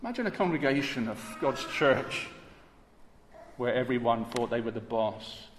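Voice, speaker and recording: Male preacher, mid-pitched, hushed-to-forceful delivery, recorded in a large church hall with lingering reverb. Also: lively intonation, normal speed. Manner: emphatic, rhetorical, swings between hushed and forceful. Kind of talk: sermon. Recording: echoey hall, long reverb, faint background hiss.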